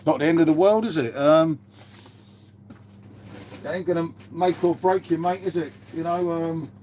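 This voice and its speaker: Male streamer, slightly raised pitch, rambling chatter, casual swearing. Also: steady tone, moderate pace, darkish tone, a little hiss or hum. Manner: rambling, laid-back, swears freely, says mate constantly. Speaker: livestreamer answering chat. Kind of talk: casual live-stream chat.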